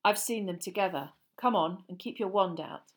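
A woman voicing a determined teenage schoolboy wizard in an audiobook, speaking in an urgent, clipped way that turns grim and low. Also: moderate pace, lightly acted. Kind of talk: audiobook character reading.

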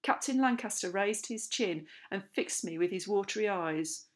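A woman narrating a children's novel aloud in the first person, lively and expressive. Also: medium pitch, normal speed. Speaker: audiobook narrator. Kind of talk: scripted storybook narration.

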